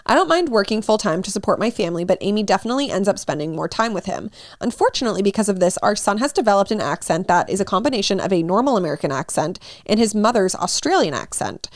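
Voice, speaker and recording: A woman's voice: medium pitch, very animated, quick pace, few pauses, no room sound, clean studio sound. A young woman co-hosting a podcast, reading a story aloud and chatting casually with swearing and laughter. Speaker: podcast co-host.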